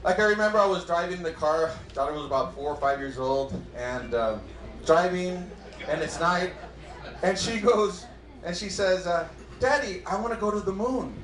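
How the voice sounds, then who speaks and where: A man in his thirties performing a stand-up comedy set on a club stage, acting out his family's lines in quick animated bursts. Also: a little high. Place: comedy club stage before a live audience. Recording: roomy club sound.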